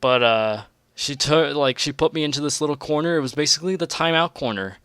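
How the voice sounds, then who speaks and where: A man's voice: on the high side, a little fast, fairly bright tone, clean tone, dry recording. A young man telling a crude, rambling storytime vlog, laughing at his own story. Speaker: storytelling vlogger.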